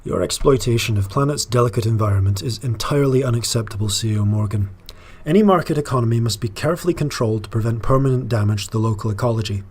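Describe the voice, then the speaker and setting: A man voicing a proud, formal woman leader in a put-on Scottish accent, reading game dialogue aloud in measured diplomatic phrases. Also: medium pitch, a little mellow, breathy edge, natural voice. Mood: formal, stern.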